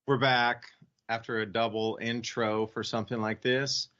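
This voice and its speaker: A man's voice: medium pitch, flat delivery, normal speed, a bit bright. A man hosting a radio talk show, rambling with sarcastic asides. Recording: slightly dull lo-fi audio.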